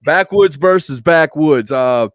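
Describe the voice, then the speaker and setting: A man hosting a casual livestream interview, teasing and joking as he reads out viewer comments. His voice is on the higher side and swings widely in pitch. The sound is dry and close. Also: expressive, slow, dry recording. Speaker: interview host.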